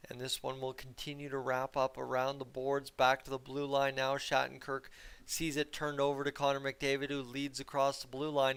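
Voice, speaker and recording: Brief: young Canadian man, nasal and bright, fan play-by-play streamer, flat delivery. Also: mid-range voice, normal speed, smooth. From Cold Lake, Alberta, Canada. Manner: rambling, chatty, gets loud on shots. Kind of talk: live fan play-by-play with chat banter.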